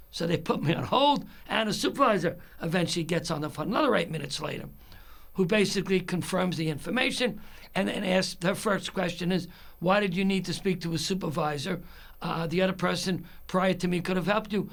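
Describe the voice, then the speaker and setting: A man's voice: high voice, moderate pace, gravelly, a bit bright. A man telling an angry story about a customer service call, acting out both sides and getting more aggravated. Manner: building irritation, acts out both sides of a phone call.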